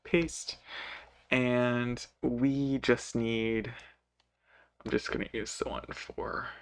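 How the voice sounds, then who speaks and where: A man's voice: medium pitch, level tone, drawn-out words, smooth, no echo, studio quality. A man working through code while thinking aloud, hesitant and self-correcting, muttering to himself and sounding sleepy. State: sleepy, yawning. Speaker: programmer live coding.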